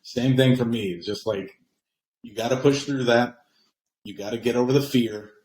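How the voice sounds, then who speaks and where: A man's voice: medium pitch, steady tone, moderate pace, a little mellow, a little hiss or hum, rough recording. A man speaking as a guest on a casual interview, reflective and self-deprecating, laughing at himself. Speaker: guest, comedian and actor.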